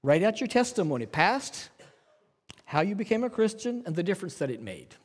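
Animated high-voiced male church teacher. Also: brisk, husky. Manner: earnest, coaching, full of rhetorical questions. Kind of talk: teaching talk to a congregation.

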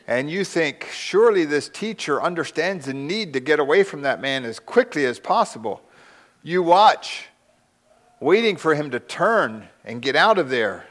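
Slow, dramatic male preacher. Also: fairly high pitch, expressive. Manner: slow, dramatic storytelling with hushed drops and rising emphasis. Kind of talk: sermon.

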